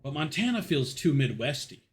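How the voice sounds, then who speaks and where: Male streamer, casual rambling chat with laughs, fairly high animated voice, audible background noise. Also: moderate pace. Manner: rambling, swears, laughs often; chats with unheard viewers, reads chat.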